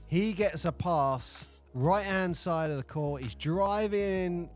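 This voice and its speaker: A man with a fairly high voice co-hosts a relaxed podcast chat. He tells stories with animation and acts out the lines he quotes. Faint music plays underneath. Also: slow, few pauses. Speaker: podcast co-host. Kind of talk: casual chat.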